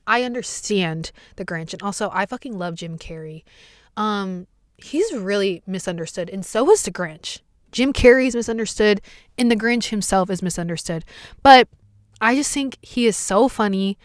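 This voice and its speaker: A young woman hosting a podcast, telling stories in casual chat, animated, swearing often and breaking into loud exclamations. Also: medium pitch, moderate pace, dry recording, studio quality. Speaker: podcast host.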